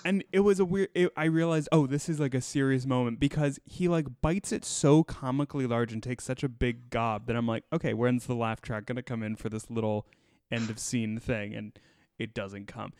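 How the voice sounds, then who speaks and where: Podcast co-host, male, smooth clear voice, upbeat and chatty, dry close mic. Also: mid-range voice, moderate pace, no echo. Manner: animated, enthusiastic, laughs often. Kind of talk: casual chat.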